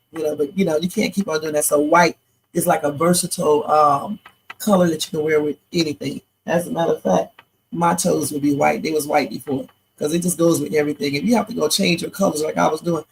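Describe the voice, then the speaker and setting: A low-pitched, creaky female voice comes through a rough recording with a little hiss or hum. She's a sleepy, worn-out reaction streamer offering casual live commentary, rambling with preachy asides.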